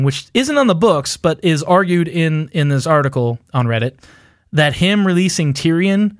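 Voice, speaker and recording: In a clean studio recording free of room sound, a male podcast co-host wanders through a theory during a casual chat. He uses plenty of fillers and self-mocking laughs. His slightly high voice has lively intonation and a moderate pace.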